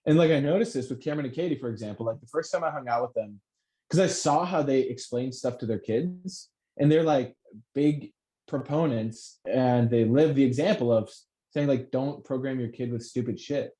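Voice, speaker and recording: Brief: man, warm mellow tone, swearing, animated pep-talk chat. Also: medium pitch, normal speed, low-quality recording. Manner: profane, animated, self-help pep talk. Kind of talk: casual motivational chat.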